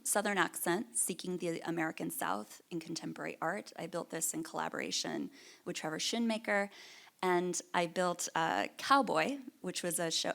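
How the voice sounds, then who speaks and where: A woman's voice: lowish voice, vocal fry. A middle-aged woman curator giving a reflective conference keynote, earnest and thoughtful, with frequent ums and small restarts. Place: lecture stage at an art fair.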